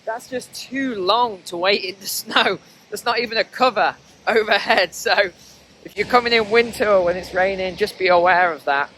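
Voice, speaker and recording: Male vlogger, chatty walk-and-talk, bright voice, outdoors in the snow. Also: sits high, normal speed, a little hiss or hum. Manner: chatty, talks to viewers while walking. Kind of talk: walking travel vlog commentary. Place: outdoors on city streets in snow.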